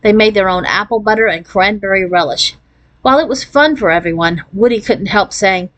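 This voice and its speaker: A woman narrates a children's chapter book, reading at a steady pace in an expressive storytelling manner. Her voice is mid-pitched for a woman, and she lifts it higher whenever a character speaks. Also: a little fast, muffled recording. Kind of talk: reading a children's novel aloud.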